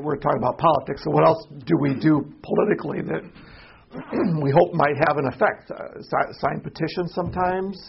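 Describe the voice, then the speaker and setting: A man teaching an adult Sunday school class in a church classroom, halting and repeating himself as he puts questions to the class. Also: on the high side, vocal fry, husky, lo-fi sound. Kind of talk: informal Bible class teaching.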